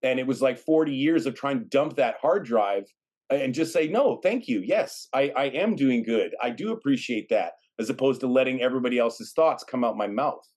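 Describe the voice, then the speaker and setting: Podcast co-host, man, forties, rambling casual talk, middle pitch. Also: animated, moderate pace, a little mellow. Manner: rambling, many fillers and restarts. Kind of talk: casual chat.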